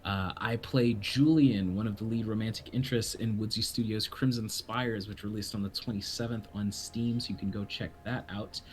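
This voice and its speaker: Low-voiced enthusiastic male game master. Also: fairly even intonation, normal speed, few pauses, slight background noise. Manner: enthusiastic, rambling plugs. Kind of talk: casual stream chat.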